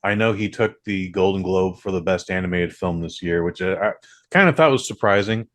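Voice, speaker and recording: A man's voice: sits low, a little fast, a bit bright, no echo. Blunt, casual man on a podcast. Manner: blunt, casual, swears for emphasis. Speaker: podcast co-host. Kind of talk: casual chat.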